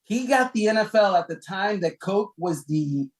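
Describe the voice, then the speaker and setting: A man co-hosting a casual sports talk show, counting down a list with lively, emphatic delivery and rhetorical questions. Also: normal speed, rough recording. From Cuban heritage, raised in South Florida. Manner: animated, rhetorical questions, emphatic pitch jumps.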